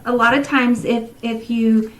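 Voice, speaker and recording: A woman's voice: a little high, fairly even intonation, measured pace, low-quality recording. A woman co-hosting a health livestream, talking in a rambling, friendly way. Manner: rambling, friendly, many fillers. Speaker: co-host. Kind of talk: casual livestream chat.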